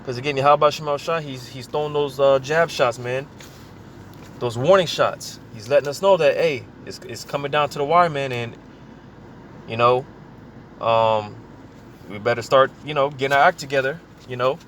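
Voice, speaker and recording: A man teaching scripture in a loose, conversational way, peppering his talk with "man" and "you know". He slows right down when he reads verses aloud. His voice sits at an ordinary pitch, with faint traffic sounds behind him. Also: a bit bright. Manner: casual, repeats filler words like "man" and "you know". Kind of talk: informal preaching.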